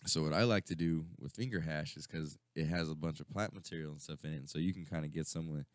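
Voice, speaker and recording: A co-host on a casual radio show talks fast in a rumbling low voice, rambling and cursing as he tells stories riddled with fillers and restarts. The sound is studio quality with no echo.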